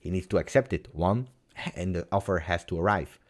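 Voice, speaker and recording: A man's voice: low voice, fairly quick. A man hosting a live post-match football reaction stream, talking in a heated, emphatic way and repeating phrases for stress. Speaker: football channel host.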